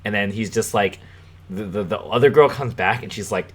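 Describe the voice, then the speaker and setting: Young male podcast host, low-ish voice, loose and profane, rambles and chuckles. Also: fairly quick, slightly rough. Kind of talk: casual chat.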